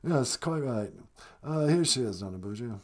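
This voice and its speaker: A man's voice: medium pitch, lively intonation, normal speed, pitched below the performer's own voice, close to an everyday voice. A man doing a prim, pompous aristocrat.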